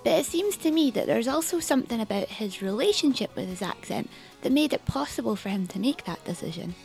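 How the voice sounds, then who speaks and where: A woman hosting and narrating a documentary in a measured, informative way. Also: fairly high pitch, animated, gravelly, a little mellow, faint music behind. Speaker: documentary host. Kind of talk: scripted narration.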